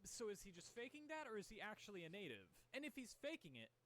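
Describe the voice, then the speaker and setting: Young guy roasting a movie on stream, mocking tone, lively voice going up and down. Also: high-pitched, fast, slight background noise. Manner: mocking, sarcastic, rhetorical questions. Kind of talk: sarcastic commentary.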